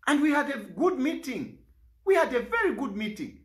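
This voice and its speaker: A man's voice: very high voice, big pitch swings, moderate pace, a bit bright. A Zambian man, an opposition politician, making an impassioned public statement in an aggrieved, pleading way and repeating lines for emphasis.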